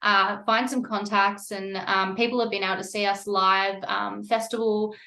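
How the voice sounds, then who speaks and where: A woman's voice: mid-range voice, flat delivery, moderate pace, sharp tone, reverberant. A young Australian woman, a rock singer, chatting casually with lots of fillers in a video call interview. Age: young adult.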